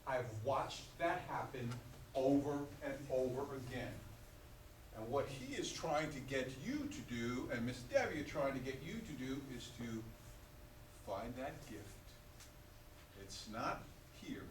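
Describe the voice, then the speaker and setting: Animated older New York man, echoey hall. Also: medium pitch, unhurried, distant mic, a little hiss or hum. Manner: animated, joking, asks the audience to call back. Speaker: guest speaker at a school graduation. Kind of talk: motivational talk to students. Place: school hall.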